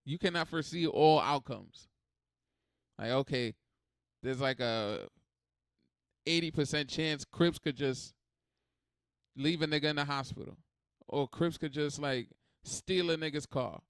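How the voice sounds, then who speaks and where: A man hosting a reaction video, talking in a rambling, animated, swearing way. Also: a little high, measured pace, pauses often, smooth, no room sound, studio quality. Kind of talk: casual reaction commentary.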